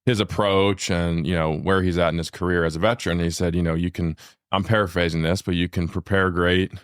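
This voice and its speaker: Deep-voiced man, announcer-like analysis. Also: fairly even intonation, clean tone, dry recording, clean studio sound. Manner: measured, analytical, like a sports announcer. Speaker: podcast co-host. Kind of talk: casual family podcast chat.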